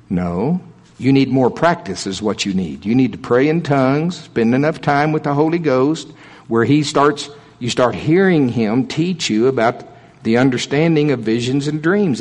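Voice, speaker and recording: A male preacher delivers a sermon in a relaxed, folksy manner, chatting with the congregation rather than orating. He leans hard on key points, repeats them for weight, and slips in dry humorous asides. His voice sits at a middling pitch.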